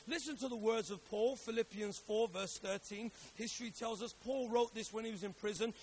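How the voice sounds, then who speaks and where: A man with a very high voice preaches a sermon with a husky edge. He moves between hushed storytelling and loud, emphatic calls, repeating phrases for emphasis. His delivery builds and falls in waves. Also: moderate pace, few pauses.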